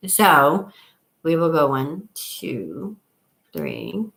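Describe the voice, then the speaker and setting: A woman's voice: low-pitched, sing-song, drawn-out words, a bit bright. A middle-aged woman hosting a casual live stream from home, chatty and rambling, trailing off as she counts. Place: at home, camera on a table. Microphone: device camera on a table.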